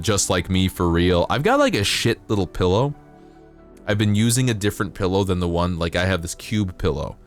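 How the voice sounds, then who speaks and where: A male streamer chatting casually with his viewers, rambling and playful, sometimes jumping into high silly voices. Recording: faint music behind.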